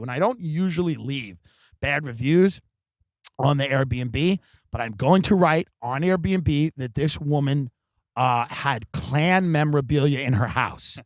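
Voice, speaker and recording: A man doing a comedic monologue rant, sardonic and theatrical, with plenty of swearing. His voice sits a bit high for a man, close and dry on the mic. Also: expressive, unhurried, no echo. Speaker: podcast host. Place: backyard of a rental house. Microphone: studio microphone.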